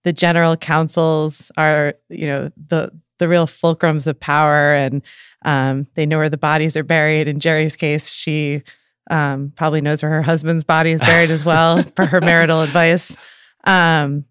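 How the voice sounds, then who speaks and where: A woman speaks as a podcast guest, measured and pausing on fillers. Her voice is smooth and clear, and she keeps her pitch level. The recording is dry. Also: little pitch movement, no room sound. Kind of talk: casual chat.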